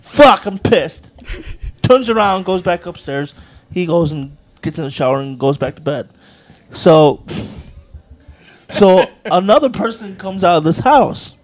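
A young man with a high voice tells a rowdy story among friends. He is loud and animated and acts out each quote. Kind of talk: casual storytelling chat.

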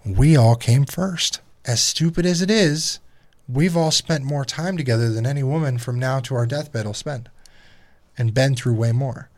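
A man of ordinary pitch talks loosely on a podcast, swearing freely. He tells family stories with open feeling. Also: moderate pace. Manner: profane, heartfelt storytelling about family. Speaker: podcast co-host. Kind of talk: casual chat.

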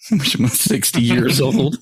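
A man's voice: mid-range voice, big pitch swings, slow pace, breathy edge, dry recording, clean studio sound. A male podcast host in casual chat, swearing freely, laughing often and rambling through stories.

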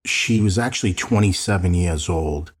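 A man's voice: low voice, normal speed, breathy edge. A middle-aged man hosting a true crime podcast in a chatty way, calling listeners guys, his voice slightly off from allergies. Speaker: podcast host and private investigator.

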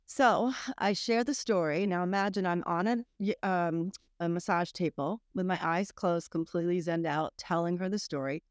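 A middle-aged woman with a fairly low voice tells her personal story as a podcast guest. Her talk is candid and animated, full of casual "like"s. The sound is dry and close, with little room around it. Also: moderate pace, hardly any pauses, smooth, no echo.

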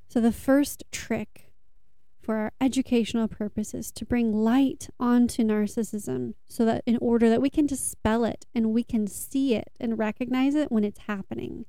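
A woman giving a tarot reading and earnest self-help talk to viewers, soothing and deliberate. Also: fairly high pitch, fairly even intonation, warm tone, dry recording, studio quality. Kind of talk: slow reflective talk to viewers.

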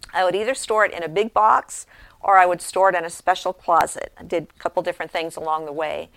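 A woman's voice: fairly low pitch, a bit bright, dry recording. A middle-aged woman, a homeschooling mother, giving a conversational instructional talk full of practical tips and anecdotes from raising her children.

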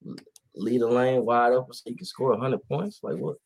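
A man hosts a casual podcast about basketball, rambling animatedly, using lots of fillers and acting out quotes. His mid-range voice is gravelly, and he talks fairly quickly.

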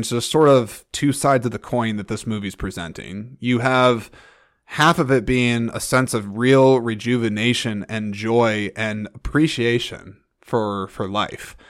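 A man's voice: medium pitch, measured pace, no room sound, studio quality. A man hosting a solo film podcast, talking in an earnest, rambling way with frequent restarts and fillers. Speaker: podcast host.

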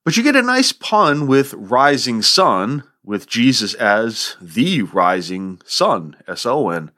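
A man's voice: mid-range voice, sing-song, slow pace, bright, forceful tone. Wry man lecturing on an old poem. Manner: wry, joking asides. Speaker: podcast host. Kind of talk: literature lecture with a poem reading.

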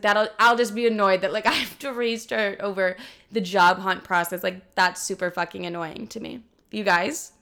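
A woman's voice: medium pitch, fairly bright tone. A young woman telling a story straight to her viewers in a casual vlog, swearing freely and saying "like" constantly. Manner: chatty, swears freely, leans heavily on "like". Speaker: vlogger.

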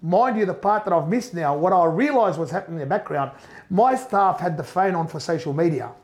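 A middle-aged man telling an emotional first-person story, animated, repeating and restarting as he goes. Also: high voice, a little fast. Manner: animated, repeats and restarts, acts out quoted voices. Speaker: business owner telling his story.

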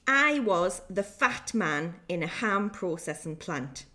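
A woman's voice: lowish voice, expressive, slow, pushed and bright. A young woman co-hosting a casual chat podcast, swearing freely, laughing often and reading out listener stories. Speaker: podcast co-host.

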